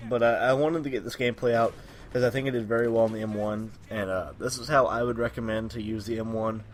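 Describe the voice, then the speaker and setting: A man giving casual gameplay commentary while he has a cold, his voice a little raspy, rambling with many fillers and corrections. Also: fairly low pitch, fairly even intonation, fast. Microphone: personal microphone.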